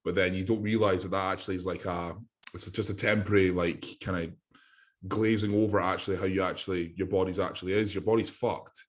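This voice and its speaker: A man's voice: low voice, fairly even intonation, brisk. A young Scottish man, a bodybuilding coach, co-hosting a podcast in casual chat, swearing and acting out talks with clients. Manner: sweary, says aye, acts out talks with clients.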